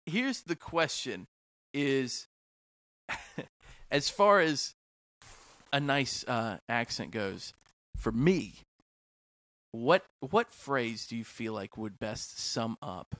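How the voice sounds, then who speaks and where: A man's voice: medium pitch, big pitch swings, very slow, fairly bright tone, no echo. A man hosting a podcast, chatting casually, laughing often and poking fun at himself. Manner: laughs often, easygoing and self-mocking. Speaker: podcast host. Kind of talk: casual conversation.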